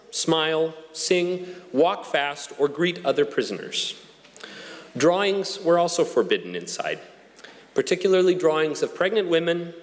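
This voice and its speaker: A man preaching an Easter-morning sermon in a measured, earnest way, with slow emphatic pauses. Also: a little high. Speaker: pastor. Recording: long hall reverb.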